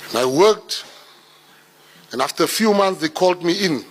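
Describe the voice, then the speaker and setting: A South African man in his forties, telling life stories to an audience in an animated way, building to laughing punchlines. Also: high voice, moderate pace, low-quality recording. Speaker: public speaker. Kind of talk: storytelling talk.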